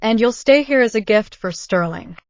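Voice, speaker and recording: A woman's voice: on the high side, lively intonation, normal speed, no echo, dull audio. A woman voicing a scheming, cruel husband in a story reading, with a sneering manner.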